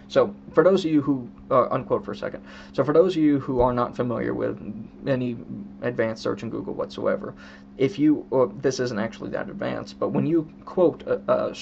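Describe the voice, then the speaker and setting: Gravelly guy reviewing a book, reads out quotes and explains them, kinda dull lo-fi sound. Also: medium pitch, a little mellow. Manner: reads quoted passages aloud, marking each quote and emphasis; unhurried, explanatory, with restarts. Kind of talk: casual spoken book review. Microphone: own camera setup. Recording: dull lo-fi recording with faint hum.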